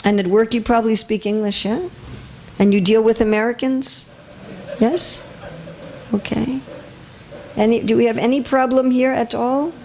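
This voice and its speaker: High-voiced woman giving a chatty religious talk. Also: steady tone, moderate pace, long pauses, darkish tone, slight background noise. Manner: chatty, keeps checking in with the audience; light teasing humor. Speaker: visiting speaker. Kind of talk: religious lecture. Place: indoor temple hall with a live audience.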